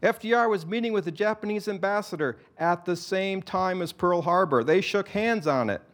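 Man doing a squeaky, rambling conspiracy sidekick. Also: normal speed, fairly bright tone. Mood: excited. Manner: high-pitched, rambling, insistent.

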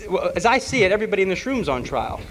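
A man who is on trial tells a university audience a mocking, animated story, full of fillers and impersonations. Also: sits high, racing, in a large hall, slight background noise, rough recording. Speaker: trial defendant addressing students. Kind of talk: animated public speech.

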